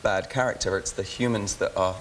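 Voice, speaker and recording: Fast-talking English man, chatty. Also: low voice, steady tone, a little hiss or hum. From England. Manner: quick, chatty, many restarts and laughs. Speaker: guest actor. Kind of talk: casual talk show interview.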